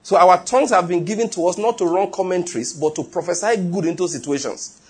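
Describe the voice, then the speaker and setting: A man's voice: sits high, fast, breathy edge. A man preaching a sermon, emphatic and repetitive, often asking whether his listeners follow. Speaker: pastor.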